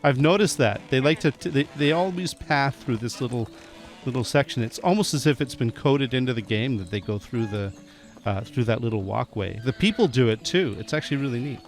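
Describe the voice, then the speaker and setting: A man's voice: mid-range voice, expressive, a little fast, soft background music. A man giving casual, chatty gameplay commentary, often laughing and talking to the animals in the game. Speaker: gameplay streamer. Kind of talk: casual let's-play commentary.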